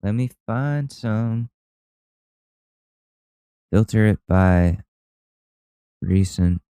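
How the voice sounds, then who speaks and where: A man hosting a podcast, reacting to online clips in a loose, mocking way with plenty of swearing and laughter. His voice sits low and mellow, smooth in tone, recorded dry and close. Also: very slow, dry recording. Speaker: podcast host. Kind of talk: casual commentary on viral clips.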